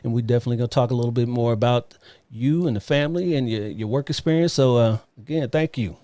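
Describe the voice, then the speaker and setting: A man's voice: medium pitch, quick pace, dark tone, no room sound, clean studio sound. A man hosting a live online interview show, upbeat and chatty, often repeating himself, heard over a video call. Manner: upbeat, repeats phrases, loose filler. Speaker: talk show host.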